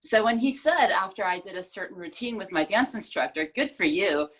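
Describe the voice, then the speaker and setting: A woman presenting a prepared club speech via video call uses a mid-range voice at a fairly quick pace. Expressive throughout, she plays with word stress to demonstrate emphasis.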